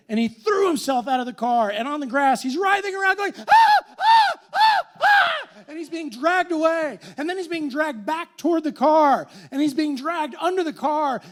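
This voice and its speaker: Animated high-voiced man telling a story. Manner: animated, playful, acts out screams. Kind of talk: live story slam telling.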